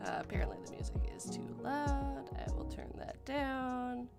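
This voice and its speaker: Host woman, higher voice, bubbly and giggly, background music low. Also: little pitch movement, moderate pace, creaky, a little mellow. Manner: cheerful, giggly, welcomes chat viewers. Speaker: podcast host. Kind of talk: casual livestream chat. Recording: faint music behind.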